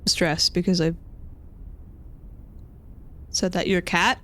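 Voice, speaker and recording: A woman from Texas, a streamer telling a story in casual chat while gaming, animated and self-deprecating with nervous laughs. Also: lowish voice, takes it slowly.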